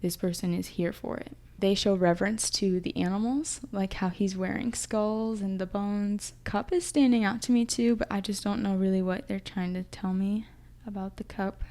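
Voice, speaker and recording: Young woman, tarot reader, casual chatty reading, mellow voice, emotional, thinking aloud. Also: mid-range voice, fairly even intonation, moderate pace.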